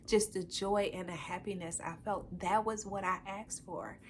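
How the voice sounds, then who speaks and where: Animated woman telling a story. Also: mid-range voice, slight background noise. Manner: animated, acts out quoted dialogue, frequent "I'm like". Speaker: podcast co-host. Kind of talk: casual storytelling.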